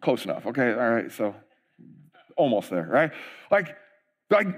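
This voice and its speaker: A middle-aged man preaching a sermon as pastor, conversational and animated, with frequent asides. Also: mid-range voice, a little slow, pauses often.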